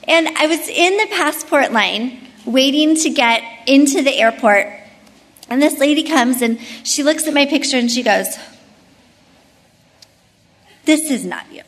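A woman's voice: high voice, a bit bright, long reverb tail. A woman leading a Bible study, mixing chatty personal stories into devotional teaching, with many fillers. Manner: chatty, storytelling, frequent "like".

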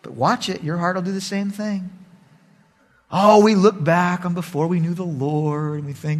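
A male pastor preaching a lively sermon to his congregation, acting out voices and laughing often. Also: sits high, moderate pace.

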